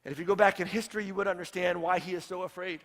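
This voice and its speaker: A man's voice: high voice, fairly even intonation, racing, fairly bright tone, in a large hall. A man, a pastor, preaching a sermon in a storytelling way and repeating his points for emphasis.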